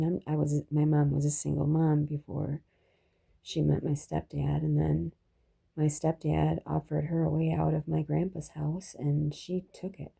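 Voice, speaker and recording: A woman's voice: low voice, vocal fry, dark tone, husky. A woman telling a personal story in a rambling, reflective monologue, restarting often and dropping profane asides.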